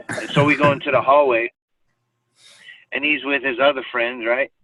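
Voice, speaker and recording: A man's voice: mid-range voice, fairly even intonation, moderate pace, sharp tone, no echo. A man telling a personal story as a podcast guest, rambling with lots of fillers and restarts. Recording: tinny phone-like sound from far off.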